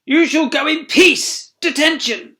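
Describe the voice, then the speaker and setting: A man reading a children's story aloud, voicing a furious old female teacher who barks out punishments in shrill, loud yells. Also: sing-song, moderate pace, very noisy, heavily acted. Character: furious old female schoolteacher, stick-wielding tyrant.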